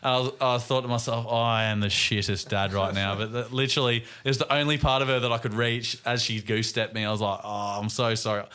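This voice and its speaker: A man's voice: medium pitch, steady tone, quick pace, hardly any pauses, sharp tone, clear, resonant tone. An Australian man in his thirties chatting on a podcast, making dry jokes and telling stories about his children. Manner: dry, wry jokes and asides. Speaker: podcast co-host. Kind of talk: casual chat.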